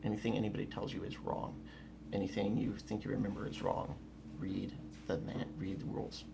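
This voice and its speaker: A man's voice: lowish voice, flat delivery, fairly quick, creaky, background noise. A man giving a casual instructional talk from home, blunt and emphatic, repeating key words and often restarting his sentences. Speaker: rapier melee instructor. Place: at home, indoors.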